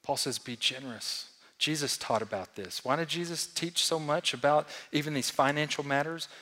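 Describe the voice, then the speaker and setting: A man preaching a sermon to a congregation, swinging between loud emphatic lines and hushed ones and asking the room questions. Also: a little high, normal speed. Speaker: pastor. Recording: long hall reverb.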